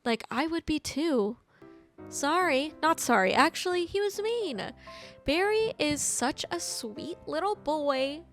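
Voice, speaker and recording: Woman, high voice, chatty movie review, rambling with lots of "like", faint music underneath. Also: slow. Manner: chatty, rambling, heavy use of "like"; animated, exclamatory asides. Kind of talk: casual movie recap and review.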